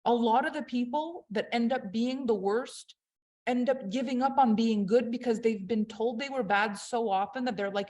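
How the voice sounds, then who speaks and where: A woman coaching on leadership in an emphatic, conversational motivational talk, swinging between loud and quiet. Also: a little high, moderate pace.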